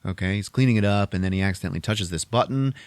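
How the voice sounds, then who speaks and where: Podcast host, man with a low voice, cursing freely while he recaps a movie, dry close sound. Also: very fast, clear, resonant tone, no echo. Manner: profane, animated retelling with put-on character voices.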